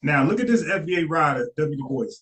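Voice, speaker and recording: Man reacting to a clip, a bit high voiced, fired up and repeating himself. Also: fast, poor audio. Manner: animated, acts out quoted voices, repeats phrases. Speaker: commentator reacting to a video. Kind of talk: casual reaction commentary.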